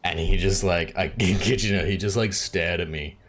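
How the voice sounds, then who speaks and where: A man's voice: deep voice, normal speed, slight background noise. A man with an Australian accent, chatting casually and laughing often while he streams a game. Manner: chatty and relaxed, laughs often, many fillers. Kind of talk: casual live-stream chat while playing.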